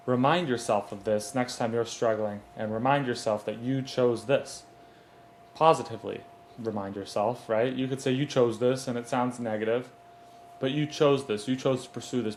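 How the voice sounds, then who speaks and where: A man's voice: medium pitch, slight background noise. A man hosting his own podcast, giving motivational talk and chatting casually while fixing his mic stand. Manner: earnest, rambling, fixes gear mid-recording. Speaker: podcast host. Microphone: desk mic on a stand.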